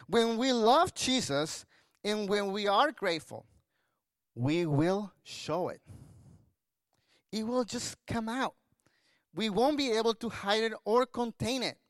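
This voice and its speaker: High-voiced pastor preaching a sermon. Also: male voice, a bit bright, dry recording.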